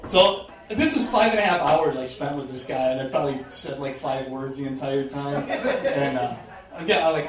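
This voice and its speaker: A young man rambles through a profane stand-up story on a club stage, chuckling at his own punchlines. His voice sits a little high and sounds far from the microphone. The room rings with heavy echo, and a crowd is plainly heard around him. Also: animated, moderate pace. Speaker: stand-up comedian. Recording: roomy, distant mic, audience noise. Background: audience in a club.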